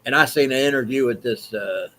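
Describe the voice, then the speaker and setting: A vlog host with a Southern US accent gives blunt, rambling opinion commentary in plain-spoken fashion. His medium-pitched voice is a little fast and sharp-toned, captured on a low-quality recording.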